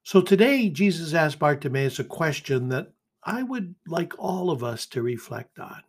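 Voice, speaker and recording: A man with a husky, slightly breathy voice leads a daily devotional reflection. He talks in an earnest, inviting way, as if speaking to each listener directly. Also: on the high side, very animated, measured pace. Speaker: host of a daily reflection podcast. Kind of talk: devotional reflection and scripture reading.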